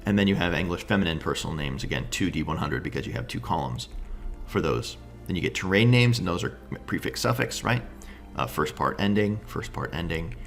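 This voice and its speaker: A man's voice: sits low, expressive, fairly quick, vocal fry, faint music behind. A man casually reviewing tabletop game books, enthusiastic and thinking aloud, often asking "right?".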